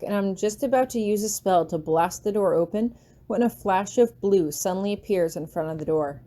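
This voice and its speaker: A woman narrating a fanfiction audiobook in an expressive first-person storytelling manner. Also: medium pitch, normal speed. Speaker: audiobook reader.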